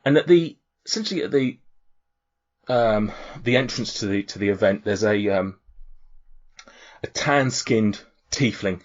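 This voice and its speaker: A man narrating a tabletop game as game master, with a low voice. He rambles and restarts his sentences often. The audio sounds dull and lo-fi. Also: measured pace, pauses often. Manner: rambling, with many fillers and restarts.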